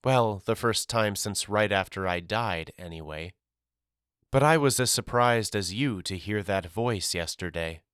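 A sorrowful, guarded mother, as a male narrator reads her part, quiet and measured with a sharp edge. The storybook voice sounds low, bright and crisp. It is recorded dry and close, with no room sound. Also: dry recording. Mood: somber. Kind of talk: audiobook character reading.

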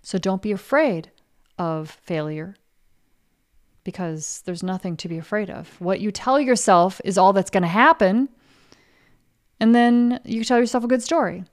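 This artist coach and podcast host speaks in an unhurried, mid-range voice. Her casual motivational talk is frank and blunt with free swearing, and she acts out the skeptical voice inside her listeners' heads.

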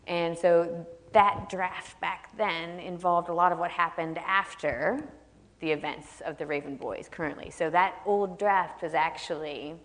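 A woman's voice: on the low side, steady tone, measured pace, a bit bright. A woman author on a live stage, chatting with self-deprecating laughs and reading aloud from her own novel. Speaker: author guest. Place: live stage event in an auditorium. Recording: echoey hall reverb.

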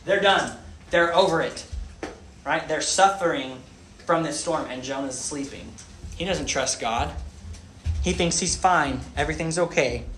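A man preaching a sermon in an animated way, asking the audience questions. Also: on the high side, measured pace, long pauses, slight background noise. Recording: echoey room.

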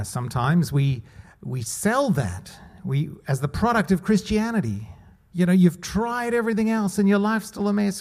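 Speaking in a mid-range voice with a darkish tone, this male pastor preaches conversationally. Now and then he poses rhetorical questions and laughs.

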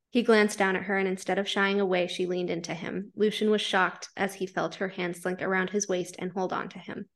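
A woman's voice: medium pitch, vocal fry. A woman podcast co-host who reads fanfiction aloud, then chats casually, swearing freely and laughing as she reacts.

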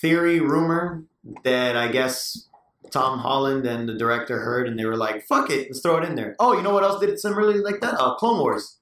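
A man's voice: mid-range voice, lively intonation, a bit bright, far from the mic. Give me a rambling man on a casual podcast, recorded off-mic in an echoey room. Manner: rambling, quick to jump in with examples. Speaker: podcast co-host. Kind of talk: casual chat.

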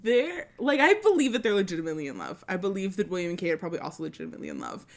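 A young woman co-hosting a podcast in casual chat, animated, laughing often and swearing freely. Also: mid-range voice, racing. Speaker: podcast co-host.

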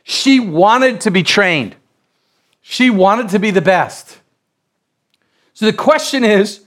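A middle-aged man from the United States preaching a sermon, repeating and restarting phrases as he builds to loud exclamations. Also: sits high, animated, takes it slowly, pauses often.

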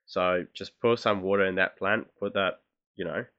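A man's voice: deep voice, steady tone, moderate pace, a bit bright, smooth. A young man, hosting a casual solo podcast and rambling through his thoughts with many fillers and restarts. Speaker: podcast host. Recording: dull lo-fi recording.

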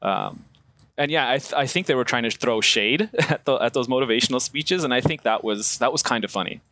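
A man, co-hosting a podcast, telling an animated story about a movie scene. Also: medium pitch, a little fast. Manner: animated storyteller, acts out quotes. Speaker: podcast co-host. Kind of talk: casual chat about films.

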